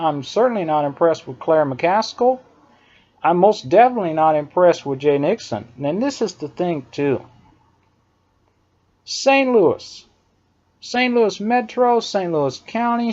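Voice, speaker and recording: A man's voice: fairly high pitch, a little mellow. A man delivering an emphatic, indignant opinion monologue, hammering his points by repeating phrases. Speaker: political commentator. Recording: dull lo-fi recording.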